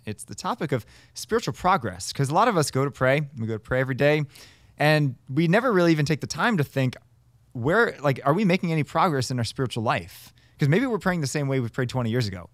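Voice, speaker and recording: A man's voice: a little high, lively intonation, dry recording, studio quality. A man, a Catholic priest co-hosting a podcast, talking in an earnest, questioning way. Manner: earnest, questioning, quick to laugh. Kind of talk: casual podcast chat.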